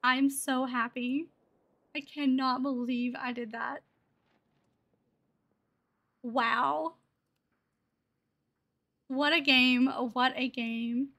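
A young woman live-streaming a game, chatting to viewers and talking excitedly, often laughing. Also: high voice, extremely slow, pauses often. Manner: excited, laughing, breathless with joy. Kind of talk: live-streamed gameplay chat.

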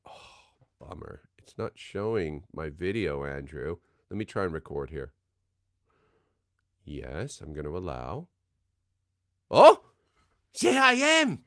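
A man's voice: very deep voice, expressive, a little slow, darkish tone, dry recording, clean studio sound. Rambling, chatty man on a livestream. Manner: rambling, chatty, self-deprecating. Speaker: voice actor hosting a signing livestream. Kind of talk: casual livestream chat.

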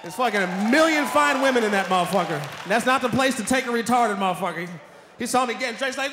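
A man from Washington, D.C., doing stand-up comedy, profane and animated, often shouting. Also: extremely high pitch, rapid-fire, a little hiss or hum. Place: comedy stage. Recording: echoey hall, live stage.

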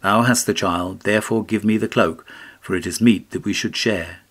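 A man's voice: lowish voice, normal speed, breathy edge. A man voicing a grudging, practical woodcutter in a storybook reading, speaking bluntly. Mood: grumbling. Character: poor grudging male woodcutter comrade.

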